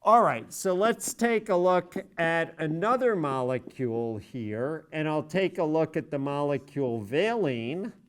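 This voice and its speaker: A man's voice: a little high, animated, unhurried, few pauses, clear, resonant tone. A middle-aged man giving a university chemistry lecture, spelling out each step methodically and stressing key words. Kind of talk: classroom lecture.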